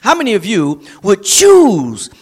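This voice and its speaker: A man's voice: high voice, huge pitch swings, unhurried, husky. A male pastor preaching an emphatic sermon to a streamed congregation. He repeats and builds phrases, rising to near-singing on key words. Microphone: streamed service.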